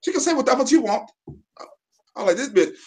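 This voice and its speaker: A man co-hosting a live stream, bantering with loud, profane, reactive interjections. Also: extremely high pitch, very animated, a little fast.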